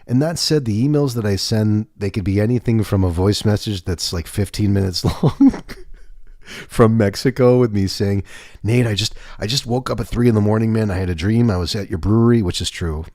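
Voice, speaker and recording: A man's voice: on the low side, fairly quick, a little mellow, no room sound, clean studio sound. A man hosting a livestream, chatting casually in a rambling, candid way with some swearing. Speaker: livestream host.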